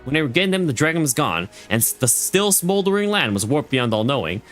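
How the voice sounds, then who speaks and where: Man reading stern admiral lines aloud, stumbling over words, lively bright voice, soft music underneath. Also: on the high side, brisk. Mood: solemn. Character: stern female fleet admiral recounting war. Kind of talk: reading game dialogue aloud.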